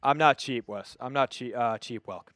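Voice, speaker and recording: A man from Long Island, New York hosts a live football watch-party stream, calling the action and chatting casually as he reads viewer messages aloud. His mid-range voice moves at normal speed and sounds a bit bright. The recording is dry and clean studio sound, with faint music behind.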